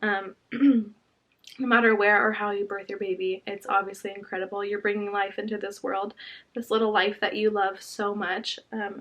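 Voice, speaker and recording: A young woman telling a personal story to her vlog audience at home. She speaks softly and earnestly, halting and restarting as she searches for words. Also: medium pitch. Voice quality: soft, earnest and heartfelt. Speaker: vlogger.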